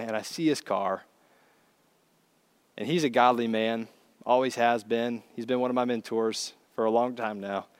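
A man preaching a storytelling sermon in an animated, conversational way. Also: fairly high pitch.

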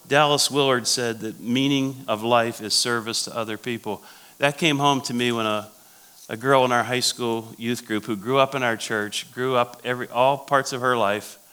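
A man's voice: mid-range voice, sharp tone, clear, resonant tone. A man, a pastor, giving a sermon-style leadership talk at a conference, telling stories and repeating his key phrases. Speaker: pastor speaking at a church conference.

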